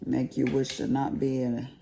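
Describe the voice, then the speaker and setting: A woman's voice: extremely low pitch, level tone, normal speed, gravelly, dark tone, a little hiss or hum. An older woman, chatting casually and teasingly to viewers while she crafts. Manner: chatty, folksy, teasing, addresses viewers as y'all and honey. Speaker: crafting vlogger.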